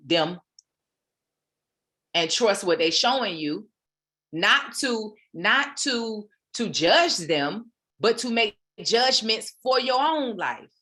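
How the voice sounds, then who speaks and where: A woman's voice: mid-range voice, pushed and bright. A woman hosting a weekly motivation session, talking in a preachy, playful way full of casual slang. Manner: preachy, playful, uses Black American slang. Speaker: motivational host. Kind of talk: motivational talk. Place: home, online session.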